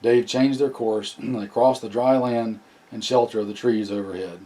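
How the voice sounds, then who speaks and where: A man narrating an audiobook in a plain, steady reading with occasional restarts. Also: medium pitch, normal speed, rough recording. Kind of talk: scripted narration.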